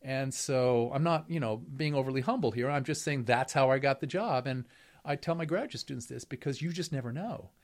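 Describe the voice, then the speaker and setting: A man's voice: mid-range voice, a little fast. A middle-aged man, a professor being interviewed, telling a long story in a wry, rambling way, with many fillers and restarts. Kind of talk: storytelling conversation.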